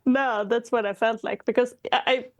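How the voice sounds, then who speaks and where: A woman's voice: a little high, fairly even intonation, moderate pace, no room sound. A woman from Sweden chatting thoughtfully as a podcast co-host, laughing often. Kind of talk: casual chat.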